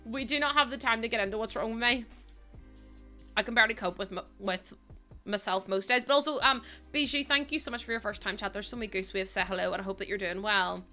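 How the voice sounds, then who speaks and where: Bright chatty Northern Irish woman. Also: mid-range voice, quick pace, soft background music. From Northern Ireland. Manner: chatty, laughs often, swears casually. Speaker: streamer. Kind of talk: casual livestream chat while building in a game.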